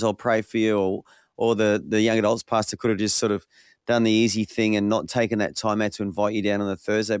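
A man's voice: on the low side, smooth, dry recording, studio quality. A man hosting a podcast interview, offering thoughtful, affirming reflections on his guest's story. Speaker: podcast host. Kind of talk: casual interview chat.

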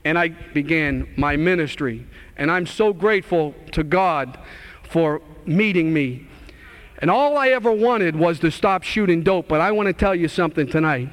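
A middle-aged preacher man telling his own story from the pulpit, high-pitched and fervent. He rises in pitch and volume when he acts out old conversations, and then he leans into earnest exhortation. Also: animated, moderate pace. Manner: impassioned, acts out dialogue in a raised voice. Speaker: minister giving his testimony. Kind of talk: testimony sermon to a live audience.

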